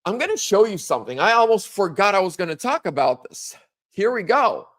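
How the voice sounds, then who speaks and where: A man in his thirties hosting a casual political monologue, animated, acting out quotes in a higher voice. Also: brisk. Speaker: political commentary host.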